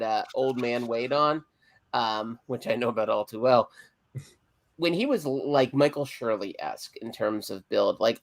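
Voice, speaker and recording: A man's voice: medium pitch, no room sound. Stammering man in casual podcast chat. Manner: rambling, stammering restarts, self-deprecating. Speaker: podcast co-host.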